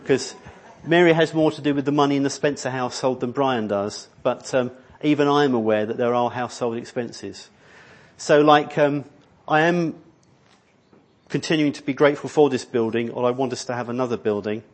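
A man's voice: mid-range voice, moderate pace. Rambling, conversational male pastor. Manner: conversational, rambling with frequent restarts and ums. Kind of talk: sermon. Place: church hall.

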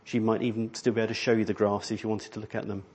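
A man's voice: fairly low pitch, flat delivery, rapid-fire, darkish tone, husky. A middle-aged man preaching a sermon in a church hall, rambling and conversational, with many restarts. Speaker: pastor.

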